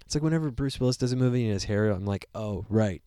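A man co-hosting a casual movie review chat, animated and swearing freely while he acts out characters' lines. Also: mid-range voice, rapid-fire, clean tone, no echo, clean studio sound. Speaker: podcast co-host.

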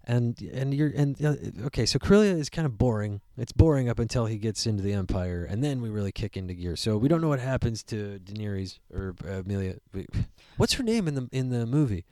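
A man co-hosting a casual movie review chat, animated and swearing freely while he acts out characters' lines. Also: mid-range voice, fairly quick, hardly any pauses, dry recording, studio quality. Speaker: podcast co-host.

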